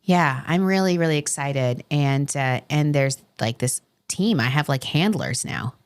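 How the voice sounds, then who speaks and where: Lively new york lady on a podcast, kinda low voice, does voices when she tells stories. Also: measured pace, clear, resonant tone. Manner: animated storyteller, quotes people in voices. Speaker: podcast host. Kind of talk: casual chat.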